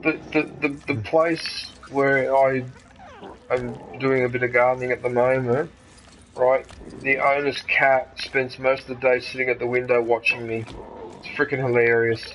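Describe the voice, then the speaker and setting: An Australian man rambles through gameplay commentary in a chatty, excitable way, often laughing at his own jokes. His voice sits at an ordinary middle pitch. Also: moderate pace, a little hiss or hum, rough recording. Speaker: gaming channel host.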